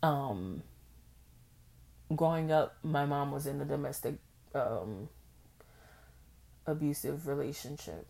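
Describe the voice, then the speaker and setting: A woman's voice: a little slow, vocal fry, long pauses. A young woman hosting a casual solo podcast, talking candidly and acting out past conversations. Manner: candid and expressive, acts out past conversations in a high voice. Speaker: podcast host.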